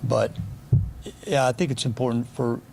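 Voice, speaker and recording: This middle-aged offensive coordinator answers the press with dry bluntness and sarcastic wit. His mid-range voice sounds creaky and somewhat dark, holding a steady tone at a moderate pace, and a faint hiss or hum sits under the audio.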